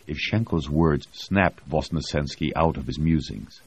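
A man narrating an audiobook in a steady, even way. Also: rumbling low, unhurried, few pauses, husky, dry recording. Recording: dull lo-fi audio.

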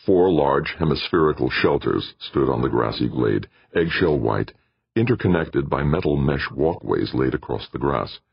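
A man reading a science-fiction novel aloud in steady, measured narration. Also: rumbling low, vocal fry, husky, no echo, dull audio. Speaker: audiobook narrator. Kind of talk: scripted narration.

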